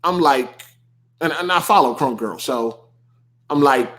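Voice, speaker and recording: A podcast host goes on a casual, animated rant, swearing a lot, laughing and mocking the voices he quotes. His medium-pitched voice runs a little slow, and he pauses often.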